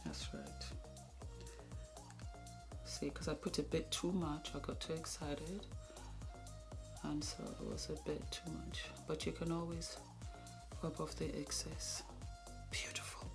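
A woman's voice: deep voice, sing-song, slow, gravelly, pauses often, over music. A woman beauty vlogger talking through a makeup tutorial, gushing and affectionate with viewers, sometimes dropping to a murmur as she works. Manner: drops to a murmur while applying makeup.

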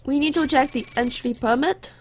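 A woman's voice: high-pitched, moderate pace, background noise. A woman casually commenting on her gameplay, talking to the characters and slipping into playful put-on accents. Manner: talks to game characters as a border guard. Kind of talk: casual let's play commentary.

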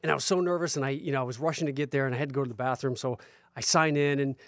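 A man, a guest on a talk show, telling self-mocking anecdotes in an animated, casual way. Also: medium pitch, racing, no echo, clean studio sound. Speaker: guest actor turned real estate investor.

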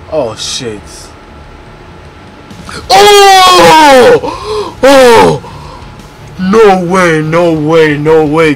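A man giving excitable pack-opening commentary for a video game, exclaiming and shouting over each pick. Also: very high-pitched. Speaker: gaming YouTuber.

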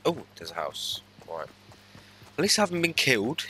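A man's voice: medium pitch, wildly swooping pitch, moderate pace, pushed and bright, slight background noise. A young man swearing and muttering as he gives casual commentary on his own gameplay. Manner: swearing, slangy, mutters under his breath. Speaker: gaming YouTuber.

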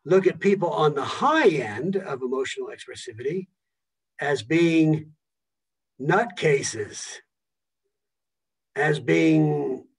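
A man's voice: a little high, slightly rough, distant mic, low-quality recording. A man from Philadelphia giving a public museum lecture, emphatic and checking in with the audience often. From Philadelphia, United States. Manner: emphatic, keeps checking in with "okay?".

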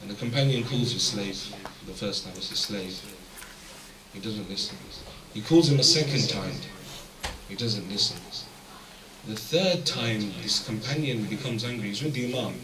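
A man from the UK giving a sermon as a guest speaker, telling stories that swing from hushed to impassioned. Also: fairly low pitch, moderate pace. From United Kingdom. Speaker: guest speaker at a religious gathering. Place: large hall with an audience. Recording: echoey hall, mic at a distance, crowd present.

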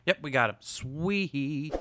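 A man's voice: medium pitch, moderate pace, fairly bright tone, slight background noise. A man hosting a video game channel, giving upbeat, chatty gameplay commentary with a self-mocking streak. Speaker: gaming channel host.

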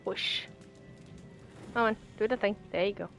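A woman's voice: mid-range voice, racing, vocal fry, soft background music. A woman casually chatting and thinking aloud while playing a game. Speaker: game streamer. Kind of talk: casual let's play commentary.

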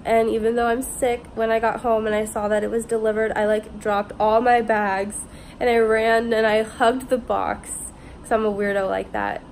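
Woman vlogger, casual chatty delivery, slightly high voice, lots of fillers. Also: little pitch movement, moderate pace, darkish tone, slight background noise. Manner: chatty, fills with "like" and "literally". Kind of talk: casual vlog chat to camera.

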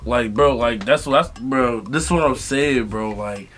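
A man's voice: medium pitch, a little slow, fairly bright tone. A man co-hosting a reaction video, chatting casually in slangy, joking talk. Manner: slangy, joking, says bro a lot.

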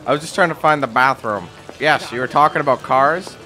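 A man's voice: mid-range voice, a little fast, sharp tone, soft background music. A man giving casual, joking gameplay commentary, laughing and teasing as he plays. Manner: joking, laughing, trolling banter. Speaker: let's play commentator.

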